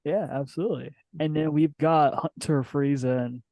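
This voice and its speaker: A man's voice: a little high, steady tone, normal speed, mellow, no echo, dull audio. A man hosting a casual podcast with a group of guests, laid-back, with frequent ums. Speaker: podcast host.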